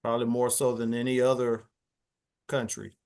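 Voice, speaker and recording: A man's voice: medium pitch, level tone, moderate pace, darkish tone. A man hosting a podcast interview, attentive and prompting his guest with short affirmations. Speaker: podcast host.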